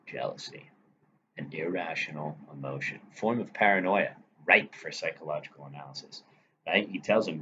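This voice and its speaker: A man's voice: a bass voice, normal speed, sharp tone. A man teaching a literature lesson in a conversational way, reading quoted lines aloud and checking in with the listener. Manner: conversational, frequent "right?" check-ins. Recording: dull lo-fi recording with faint noise.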